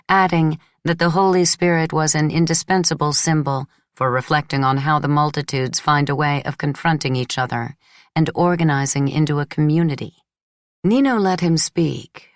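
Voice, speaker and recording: A woman with a low voice narrates a novel in the first person, measured and introspective. The recording is dry and close, with no room sound. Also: no echo. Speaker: audiobook narrator.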